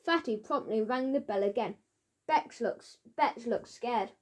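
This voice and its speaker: High-voiced woman reading a children's story. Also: a little slow, a little mellow. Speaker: narrator. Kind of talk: children's audiobook narration.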